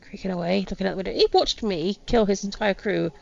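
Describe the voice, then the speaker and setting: Gravelly-voiced woman chatting over gameplay. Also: mid-range voice, quick pace, dark tone, highs cut off. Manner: chatty, hedging, amused asides. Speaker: gaming video host. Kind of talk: casual gameplay commentary.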